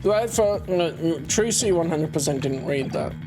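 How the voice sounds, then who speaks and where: A woman's voice: lowish voice, animated, normal speed, over music. A woman chatting casually as she plays a game, reading its text aloud with wry remarks. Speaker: streamer playing a game. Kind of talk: casual let's-play commentary.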